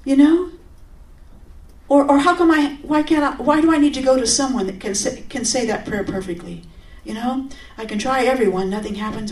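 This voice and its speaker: A woman shares her testimony in a sermon, talking earnestly and conversationally. Her voice sits slightly high and jumps into animated bursts of emphasis. She is picked up from some distance, with a roomy echo around her. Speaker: speaker giving a testimony.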